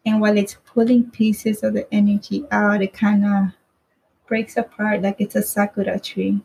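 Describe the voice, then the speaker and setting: Very husky gravelly woman telling a story. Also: medium pitch, level tone, normal speed, darkish tone, rough recording. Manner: rambling, swears casually, keeps asking "right?". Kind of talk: casual personal storytelling.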